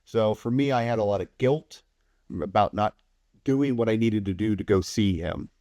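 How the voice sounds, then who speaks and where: A man guesting on a podcast who tells stories in a relaxed, animated way, acts out what other people said, and swears casually. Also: on the low side, moderate pace, no room sound, studio quality. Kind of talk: casual anecdotal storytelling.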